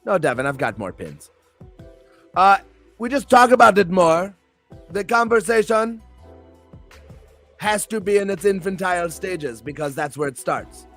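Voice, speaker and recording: A man's voice: high-pitched, very animated, measured pace, pauses often, a bit bright, faint music behind. A male host and pro wrestler chatting on a live stream show in a hyped, rambling, playful way.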